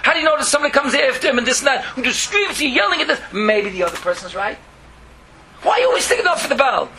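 Man putting on a scolding lion king, roaring and fast. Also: very high-pitched, sing-song, creaky, pushed and bright, pitched above the performer's own voice, exaggerated voice.

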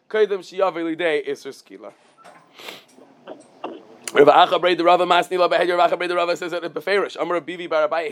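A man teaching a casual Talmud class, explaining with everyday examples and often restarting his phrases. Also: fairly high pitch.

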